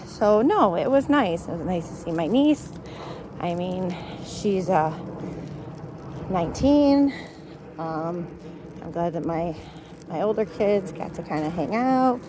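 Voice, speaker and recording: A woman's voice: lowish voice, darkish tone, slight background noise. A middle-aged woman chatting and venting in a casual walk-and-talk vlog, recorded outdoors on a phone while walking her dogs. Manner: chatty, venting, lots of fillers. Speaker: vlogger.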